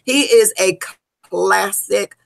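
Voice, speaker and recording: A woman co-hosting a reality show recap, ranting casually with sassy, profane swings in pitch. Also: slow pace, creaky. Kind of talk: casual rant.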